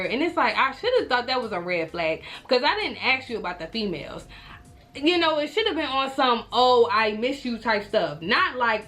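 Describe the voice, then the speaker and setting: Young woman, casual storytime vlogger, lively and chatty, addresses viewers directly. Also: on the high side, moderate pace. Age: young adult. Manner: animated, talks straight to viewers, acts out her own reactions.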